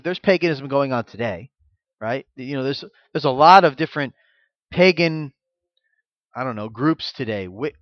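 Male preacher, high voice, conversational and emphatic, dull dry lo-fi sound. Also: dry recording. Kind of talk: sermon.

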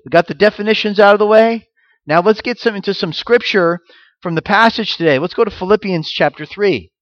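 A man's voice: sits high, a little fast, no echo, muffled recording. A man giving a sermon as pastor, teaching through rhetorical questions and repeated phrases.

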